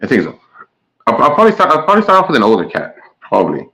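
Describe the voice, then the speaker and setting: A man's voice: medium pitch, wildly swooping pitch, very fast, pushed and bright, rough recording. A man streaming live and chatting casually with his viewers, stumbling over his words and trading sarcastic jabs with chatters.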